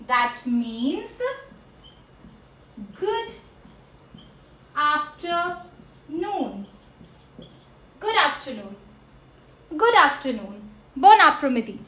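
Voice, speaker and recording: A woman teaching a French class, slowly repeating each word for her learners. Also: sits high, sing-song, pushed and bright. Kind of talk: classroom language lesson. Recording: echoey room.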